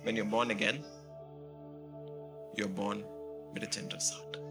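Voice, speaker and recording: Bright-voiced animated male pastor preaching. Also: lowish voice, unhurried, soft background music. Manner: animated storytelling, frequent "you know" fillers. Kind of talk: sermon.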